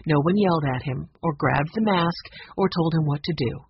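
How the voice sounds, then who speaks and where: An audiobook narrator reads a children's storybook in a steady, even way. The voice is husky and slightly breathy. The recording sounds dull and lo-fi. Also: medium pitch, moderate pace.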